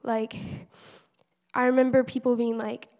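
A teenage girl gives an earnest, conversational faith testimony at church, peppered with casual fillers. Her voice is a little high and a little mellow, with a flat delivery and a measured pace. The recording, made in a church hall, carries a long reverb.

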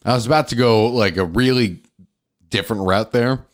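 A man's voice: medium pitch, moderate pace. A tired man hosting a podcast, talking in blunt, combative, profane casual banter. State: tired from lack of sleep. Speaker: podcast host.

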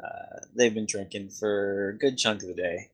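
A man's voice: on the low side, steady tone, moderate pace, breathy edge. A man narrating as game master for a casual tabletop game, loose and often laughing.

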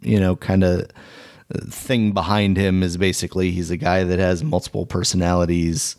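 A man's voice: low voice, little pitch movement, moderate pace, a little mellow. A man co-hosting a casual chat show, easygoing and explaining at length in long run-on sentences. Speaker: podcast co-host.

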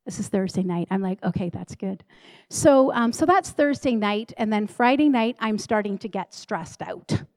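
A woman in ministry giving a lively personal testimony to a congregation, acting out the dialogue as she tells it. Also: mid-range voice, normal speed, no echo, poor audio. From Canada. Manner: animated storyteller who acts out dialogue. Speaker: ministry leader.

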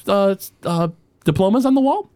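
A man's voice: sits high, lively intonation, brisk, mellow. Rambling, laugh-prone man recapping a show. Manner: rambling, lots of filler words, laughs often. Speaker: podcast co-host. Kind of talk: casual chat recapping a cartoon episode.

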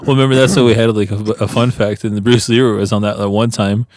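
Podcast guy, lowish voice, says like every other word, laughs a lot, dry sound. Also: fairly even intonation, fast talker, a little mellow, no room sound. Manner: rambling, filler "like" in nearly every line, laughs often. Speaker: podcast co-host. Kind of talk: casual podcast chat. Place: podcast studio.

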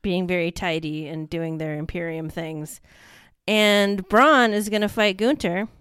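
A woman's voice: fairly low pitch, steady tone, a little slow, a bit bright, clean tone, dry recording, studio quality. A woman co-hosting a podcast in casual chat, giggly and easily amused. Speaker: podcast co-host.

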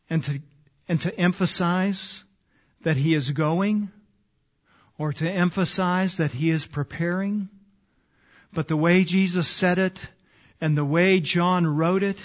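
A man preaching a sermon, earnest and deliberate, often dropping to a soft, low voice for emphasis. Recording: slightly dull, lo-fi sound.

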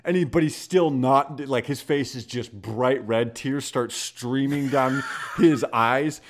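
A man co-hosting a podcast, telling stories in an animated, profane, casual way. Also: medium pitch, slow pace. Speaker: podcast co-host. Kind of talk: casual chat.

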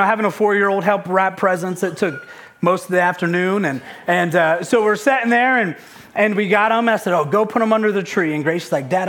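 High-voiced pastor telling a family story. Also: male voice. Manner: storytelling with quoted family dialogue, repeats words when excited. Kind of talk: sermon.

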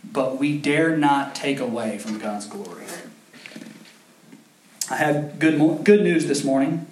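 A man's voice: a little high, slow, darkish tone. A male pastor preaching a sermon, telling a story and rising to fervent emphasis. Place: church sanctuary. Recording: echoey church hall with faint noise.

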